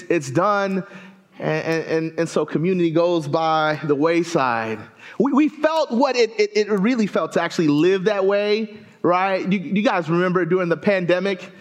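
A man from Southern Africa delivers a sermon with a notably high voice that leaps even higher when he wants to make a point. He talks to the congregation directly and weaves funny personal stories into the message. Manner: animated, storytelling with jokes to the congregation; lively pitch swings, rising high for emphasis.

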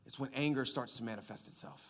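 A man preaching a sermon in a lively, joking way, getting the congregation to call back to him. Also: mid-range voice, fast talker. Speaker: pastor.

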